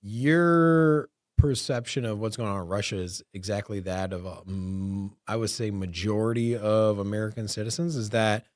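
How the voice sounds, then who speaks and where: A man's voice: fairly low pitch, steady tone, normal speed, few pauses, a little mellow, no room sound. Rambling male podcast host, dry studio sound. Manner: rambling, repeats words when worked up. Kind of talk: casual podcast chat.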